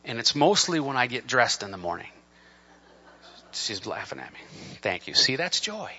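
A man preaching a sermon from the pulpit, swinging between emphatic, near-shouted scripture and quiet, conversational asides. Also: mid-range voice, sing-song, normal speed, husky. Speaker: pastor. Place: church sanctuary. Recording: dull lo-fi church recording.

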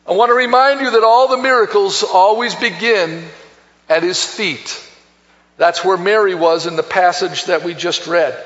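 A man preaching a sermon as pastor, slow and emphatic, reading scripture and building to shouts. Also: sits high. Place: church sanctuary. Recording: long church reverb, dull sound.

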